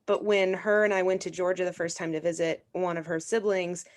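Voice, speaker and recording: A young woman hosting a casual podcast, chatty and quick to laugh and agree, telling stories in an easy way. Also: fairly low pitch, flat delivery. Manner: laughs often, eager agreement, chatty storytelling. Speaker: podcast host.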